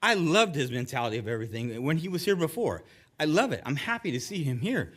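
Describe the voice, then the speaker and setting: Middle-aged resident, nervous and emotional, stumbles and restarts while reading prepared remarks at a council podium. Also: male voice, fairly high pitch, very animated, fast, fairly bright tone, husky. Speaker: resident giving public comment. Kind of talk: public comment at a council meeting. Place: council chamber.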